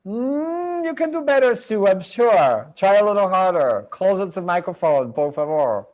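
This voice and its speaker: A man's voice: sits high, very animated, moderate pace, a little mellow. A middle-aged man with a French accent, hosting a live video-call show as a medium in a chatty, rambling way. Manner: chatty, rambling, repeats himself. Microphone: computer mic on a video call.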